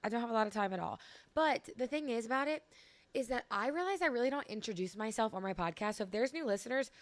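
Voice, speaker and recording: A woman's voice: on the high side, expressive, fast, no echo. Chatty Louisiana woman with a twang. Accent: Louisiana country twang. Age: 20s. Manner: chatty, sassy, rambling with many likes. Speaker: podcast host. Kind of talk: casual solo podcast chat. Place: home room with washer and dryer running.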